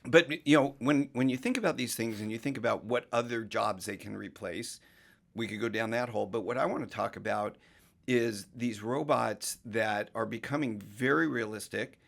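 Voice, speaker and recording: A man's voice: mid-range voice, normal speed, gravelly, a bit bright. A man talking on a casual podcast as a mortgage professional guest, explaining things emphatically in long runs.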